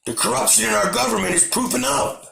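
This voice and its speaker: A man from the United States rants to camera with impassioned, repetitive fervor. His voice sits a bit high and carries a gravelly fry. The room around him rings with echo. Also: lively intonation, fast talker, a little hiss or hum. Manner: impassioned, repetitive, shouting at times. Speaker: channel host. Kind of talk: angry political rant to camera.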